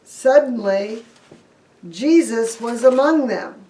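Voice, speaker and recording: A woman pastor tells a Bible story for children in a slow, playful manner. Her voice sits a little high. She is recorded from a distance in an echoey room. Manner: lively, playful telling.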